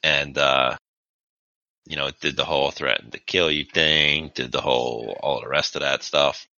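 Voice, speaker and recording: A man's voice: very deep voice, fairly even intonation, normal speed, bright, forceful tone, no room sound, dull audio. A man playing a tabletop game, talking casually and swearing freely. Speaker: player.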